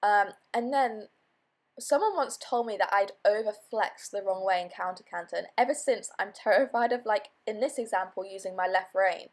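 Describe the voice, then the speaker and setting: A young woman vlogging casually, her voice a little hoarse after being ill, talking in a chatty, bubbly way. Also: medium pitch, moderate pace, a little mellow. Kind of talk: casual vlog chat.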